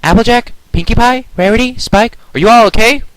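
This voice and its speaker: A man's voice: brisk, no echo. A man voicing an earnest young female unicorn pony leader, his voice pushed far up as she calls out. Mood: worried. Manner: pitched far up, calling out urgently.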